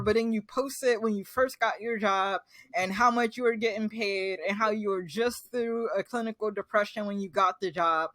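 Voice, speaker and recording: A woman's voice: mid-range voice, fairly even intonation, moderate pace, hardly any pauses, a bit bright, no echo. A woman hosting an interview, talking casually and gushing with praise for her guest, laughing easily. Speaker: podcast host.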